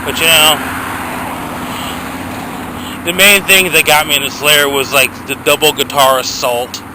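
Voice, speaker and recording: A man's voice: medium pitch, background noise. A young man ranting to his camera outdoors, profane and agitated, filmed on a handheld phone. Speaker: vlogger. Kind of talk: casual rant to camera.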